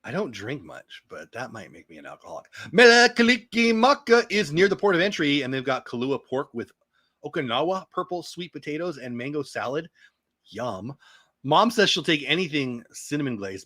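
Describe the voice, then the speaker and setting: A man's voice: a little high, fairly bright tone, no echo. A middle-aged man hosting a casual morning news show, rambling through long lists and joking about his own pronunciation. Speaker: show host.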